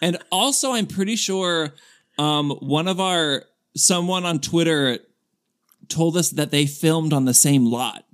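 A man with a fairly high voice, co-hosting a casual pop-culture podcast. He rambles along with lots of "like" fillers and often breaks into laughter mid-sentence. His tone is loose, conversational, and quick to get animated. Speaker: podcast co-host.

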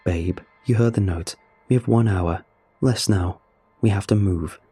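A man voicing a panicky young man who shouts and argues in a horror story. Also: on the low side, measured pace, breathy edge, faint music behind. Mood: tense. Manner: shouting, tense.

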